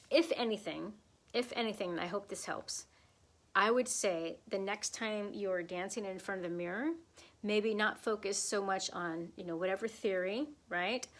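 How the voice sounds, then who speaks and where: A woman's voice: medium pitch, a bit bright. A woman flamenco dance teacher answering questions in a live online Q&A, chatty and encouraging, with many fillers and asides.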